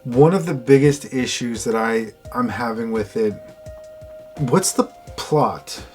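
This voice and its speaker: A man's voice: medium pitch, slow pace, darkish tone, soft background music. A man co-hosting a casual show review, talking in an exasperated, rhetorical way. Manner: exasperated, rhetorical, mimics characters. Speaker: co-host.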